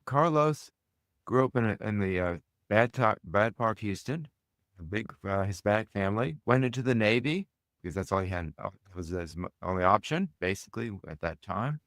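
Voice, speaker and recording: A man's voice: fairly low pitch, lively intonation, fairly bright tone, no echo. Male guest, hesitant word-searching delivery, dry close sound. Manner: halting, searches for words with fillers. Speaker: co-author guest. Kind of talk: conversational podcast interview.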